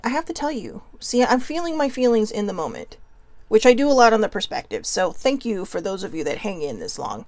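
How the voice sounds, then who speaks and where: A woman's voice: fairly high pitch, no room sound. A woman hosting a casual self-help talk, chatty and goofy, laughing often and a little nervous. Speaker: podcast host.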